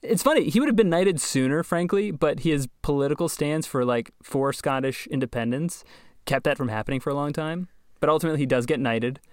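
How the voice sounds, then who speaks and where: A man hosting a podcast, telling a story in casual chat, wry and quick to laugh. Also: fairly high pitch, dry recording, clean studio sound. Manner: chatty, wry, laughs often. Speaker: podcast host.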